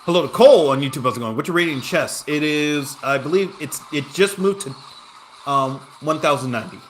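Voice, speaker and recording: A man's voice: fairly high pitch, brisk, slight background noise. A man chatting casually on a livestream, telling a rambling story full of fillers and restarts while reacting to his game. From Southern California. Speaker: game streamer.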